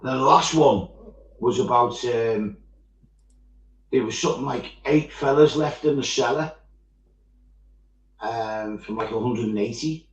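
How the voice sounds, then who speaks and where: Casual male host, mid-pitched and chatty, prone to storytelling, recorded in an echoey, muffled room. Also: unhurried, pauses often. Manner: animated storytelling, swears freely, acts out quoted voices. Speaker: miniature painting streamer. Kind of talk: casual chat. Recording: echoey, dull-sounding room.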